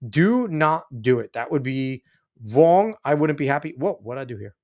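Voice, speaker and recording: A man hosting a commentary show, reacting to video clips with mocking, profane asides. His pitch sits a little high and swings widely as he talks. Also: very animated, normal speed, darkish tone, dull audio. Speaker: host.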